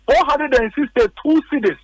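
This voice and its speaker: Ghanaian man pressing a political case in a radio studio, high-pitched, dry close sound, repeats himself for emphasis. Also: normal speed, no echo, poor audio. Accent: Ghanaian English. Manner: emphatic, repeats points, rhetorical questions. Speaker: political commentator. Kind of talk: heated political argument on radio.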